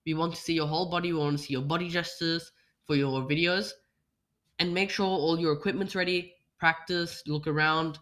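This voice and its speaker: A man's voice: on the high side, steady tone, brisk, a bit bright. A young man presenting a workshop on an online call, explaining speech practice with rhetorical questions and demonstrating voice changes. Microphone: computer mic without webcam.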